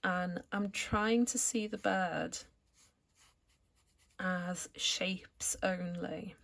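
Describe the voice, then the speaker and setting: Calm lady walking you through a watercolour, bit of a croaky fry in her voice. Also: on the low side, extremely slow. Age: adult, returned to art after school years. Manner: calm, gentle, explains each step as she paints. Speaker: watercolour art tutor. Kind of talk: painting tutorial narration while working.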